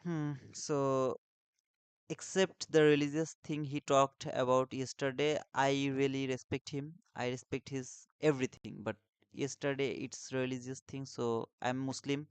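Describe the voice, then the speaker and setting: A man in a casual group voice chat about trading, talking in a halting, earnest way with frequent restarts and repeated words. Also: mid-range voice, level tone, clean tone, no echo. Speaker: trader in a live trading call.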